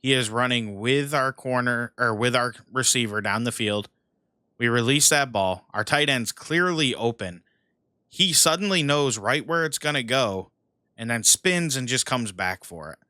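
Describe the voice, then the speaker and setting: Frustrated man doing bright game commentary. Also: mid-range voice, lively intonation, a little slow, dry recording. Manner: frustrated, venting at his team with mild cussing. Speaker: gaming YouTuber playing a football dynasty mode. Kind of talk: casual gameplay commentary.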